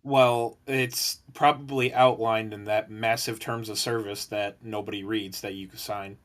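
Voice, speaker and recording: A man's voice: fairly low pitch, level tone, unhurried, fairly bright tone. A man co-hosting a casual gaming podcast, speaking in a dry, sardonic way. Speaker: podcast co-host. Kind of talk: casual chat.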